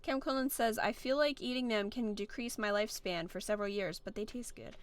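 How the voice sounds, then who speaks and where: Talking a little fast in a medium-pitched voice, a young female streamer plays a game and chats casually. She reads out viewer comments playfully, leaning heavily on fillers.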